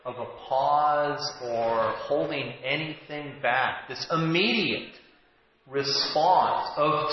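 A man's voice: a little high, takes it slowly, a little hiss or hum. A pastor in his forties giving a conversational sermon and often restarting his sentences. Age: 40s. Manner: conversational, with self-interrupting restarts. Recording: echoey hall, dull lo-fi sound.

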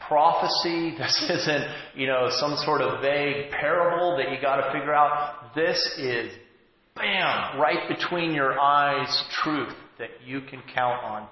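A pastor in his forties delivers a conversational sermon at a measured pace in a medium-pitched male voice, frequently breaking off and restarting his sentences. The recording sounds dull and lo-fi, with the echo of a large hall.

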